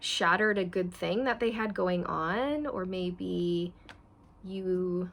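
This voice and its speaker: A woman's voice: lowish voice, slow pace, creaky, fairly bright tone, slight background noise. A woman doing a casual tarot reading. She talks straight to her viewers in a chatty, repetitive way. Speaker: tarot reader.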